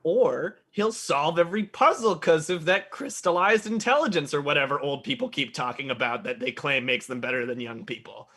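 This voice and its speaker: A woman's voice: deep voice, animated, moderate pace, hardly any pauses, a bit bright, husky. A woman playing a brash, jokey character in a comedic tabletop game. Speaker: player. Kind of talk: comedic tabletop role-play.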